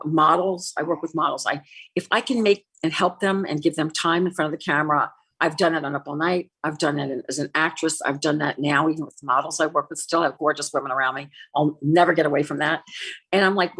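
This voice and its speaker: Her voice sits low and carries a breathy edge, moving a little fast. She's a sixty-something actress and former TV host, a guest in an interview, telling a personal story with candid grievance and animatedly acting out the dialogue.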